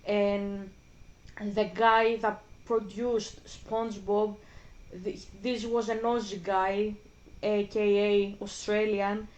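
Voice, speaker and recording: This woman from Greece, a native Greek speaker, vlogs about games and talks offhandedly as she plays. She keeps a level tone at medium pitch and takes her time, though the audio quality is poor. Her style is frank and rambling, with casual swearing.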